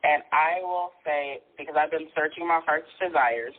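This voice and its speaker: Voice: medium pitch, normal speed. A caller on a radio show who talks in a candid, chatty way. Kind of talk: casual phone chat. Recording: tinny phone line.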